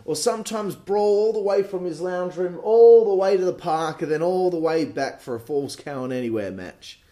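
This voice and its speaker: An Australian man in his late twenties hosts a podcast and tells crude, animated stories. He swears freely, and his voice sits a touch higher than most men's. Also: normal speed. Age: late 20s. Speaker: podcast host. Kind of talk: casual storytelling monologue.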